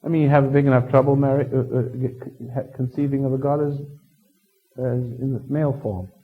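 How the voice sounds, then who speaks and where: A man from England, speaking at a middle pitch with a husky edge, lectures a live seminar in a hotel function room. He rambles, teases the listeners and restarts his sentences, chuckling along the way. The tape recording sounds dull and lo-fi. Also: steady tone, a little fast.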